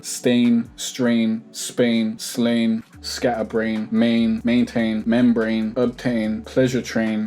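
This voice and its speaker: Male rap tutor, laid-back and chatty, warm low-key voice. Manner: chatty, reads word lists aloud rapidly, tags lines with "innit". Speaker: music producer and rap songwriting tutor. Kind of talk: casual tutorial with sponsor plug.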